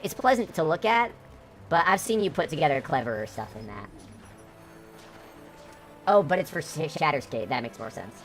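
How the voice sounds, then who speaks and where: A woman's voice: sits low, lively intonation, moderate pace, pauses often, faint music behind. A woman from upstate New York streaming while gaming, chatting casually and bluntly, swearing freely, through a voice changer.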